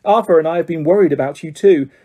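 A man doing a shrill, scolding witch mother. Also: quick pace, breathy edge. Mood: warm fussing. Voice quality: shrill, rising to shouts. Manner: fretful, sharp-tongued. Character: scolding motherly witch, fierce but caring.

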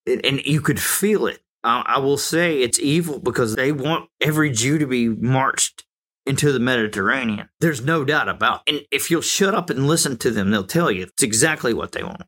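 Forties guy ranting on his show, sharp bright voice, gets heated and loud. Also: medium pitch, moderate pace. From United States. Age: 40s. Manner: emphatic, rising to heated outbursts. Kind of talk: opinionated monologue.

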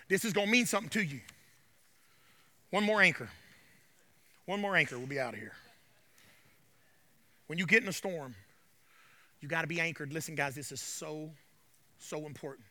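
A man preaching a sermon in a church. He urges the congregation to answer back, then drops to quiet, confiding talk. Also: very high-pitched, animated, normal speed, long pauses. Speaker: pastor.

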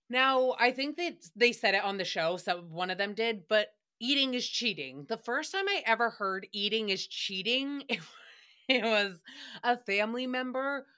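A woman hosts a solo recap podcast in a fairly high, bright, forceful voice. She talks in a chatty, profane way, often laughing and acting out stories with drama. Her delivery is loose and unfiltered. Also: lively intonation, normal speed. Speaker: podcast host.

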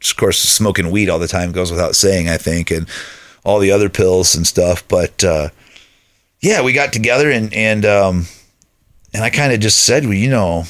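Man, 30s, low voice. Podcast guest recounting his life in a casual storytelling manner. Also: normal speed, fairly bright tone. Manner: conversational storyteller, acts out friends' voices.

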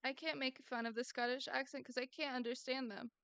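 A woman's voice: high-pitched, fairly even intonation, brisk, pushed and bright, smooth, dry recording. A woman co-hosting a podcast in casual chat, playful and giggly, teasing her co-host.

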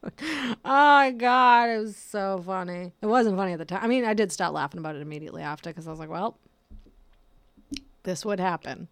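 A woman's voice: mid-range voice, quick pace, smooth, no room sound. A woman in her thirties hosting a casual solo podcast, rambling and self-mocking, laughing often and swearing casually. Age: 30s. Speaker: podcast host.

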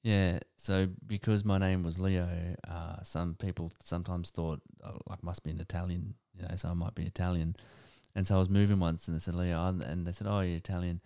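An Australian man co-hosting a podcast, telling rambling stories in a low-key casual chat. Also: level tone, a little fast, hardly any pauses, mellow, no echo, studio quality. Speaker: podcast co-host.

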